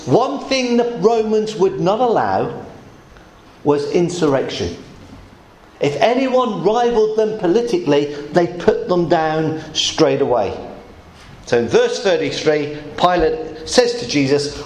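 Male preacher in a hall, emphatic and animated, high voice. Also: a little slow. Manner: animated, emphatic, explaining step by step. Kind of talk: sermon.

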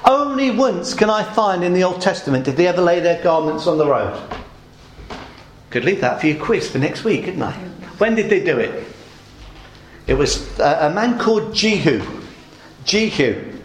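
A man preaching a sermon, asking rhetorical questions and acting out the shouts of a crowd. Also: high voice, very animated, moderate pace, long pauses, reverberant, a little hiss or hum.

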